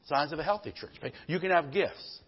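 Emphatic preacher calling out "Amen?". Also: male voice, normal speed, slightly rough, lo-fi sound. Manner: emphatic, calls out "Amen?" to the congregation; swings between loud bursts and quiet low passages. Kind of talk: sermon.

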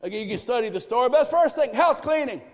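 High-voiced preaching man in echoing church. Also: fast talker. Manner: animated preaching, swinging from loud exclamations to hushed asides. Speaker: pastor. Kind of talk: sermon. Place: church sanctuary. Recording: live church sanctuary with long reverb.

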